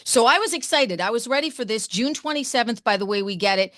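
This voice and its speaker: A higher-pitched woman interviewing a guest, bubbling with excitement and rushing through her sentences. Her voice sits close and dry, with hardly any room around it. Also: dry recording. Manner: gushing, excitable, talks fast in bursts. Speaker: radio host and interviewer. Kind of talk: enthusiastic interview chat.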